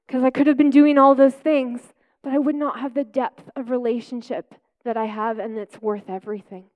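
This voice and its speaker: A woman pastor preaching a personal testimony, telling stories with lively acted-out quotes and easy laughs. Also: sits high, normal speed, narrow, tinny audio. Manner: animated storytelling, acting out quotes.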